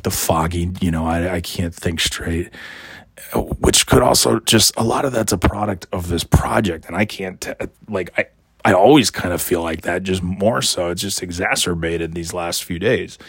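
Hoarse guy in a vlog, real low gravelly voice, worn out and annoyed, swears a lot. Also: dry recording. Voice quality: gravelly, raspy. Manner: exasperated, rambling, profane. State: hoarse from coughing. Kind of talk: casual ranting vlog.

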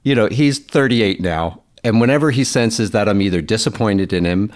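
A man's voice: lowish voice, moderate pace. A middle-aged man telling a personal story in a candid, casual way, swearing freely and laughing as he goes. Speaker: guest.

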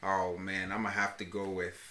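A man co-hosting a podcast in relaxed casual chat, often calling his partner "man". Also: deep voice, fairly quick, background noise. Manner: laid-back, says "man" often. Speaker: podcast co-host. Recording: roomy echo.

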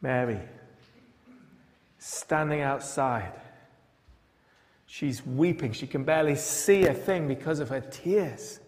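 A man's voice: on the high side, takes it slowly, pauses often, a little mellow. A male pastor preaching a sermon. He retells a Bible story dramatically and asks many rhetorical questions. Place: large church. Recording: long church reverb.

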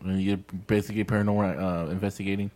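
A man's voice: low-pitched, flat delivery, racing, darkish tone. A man in his thirties hosting a casual podcast, rambling and nostalgic as he tells stories. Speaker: podcast host. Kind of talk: casual chat.

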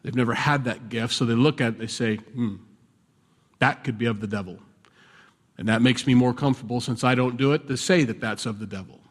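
A man preaching a sermon in a relaxed, conversational way, now and then raising his voice in animated bursts. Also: medium pitch, fast, hardly any pauses. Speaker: pastor. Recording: long hall reverb.

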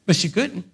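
A man preaching a sermon in an animated storytelling style, mixing humor and asides to the congregation.

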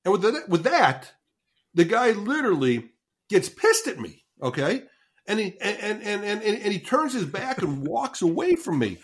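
A man in his sixties, a marketing consultant telling a story as a podcast guest, animated, often stumbling and repeating words, swearing casually. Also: high-pitched, moderate pace, breathy edge.

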